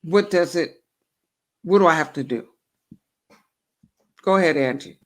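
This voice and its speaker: A woman's voice: low voice, a little slow. A woman hosting a faith-based talk show, reflecting aloud and asking herself questions. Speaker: show host.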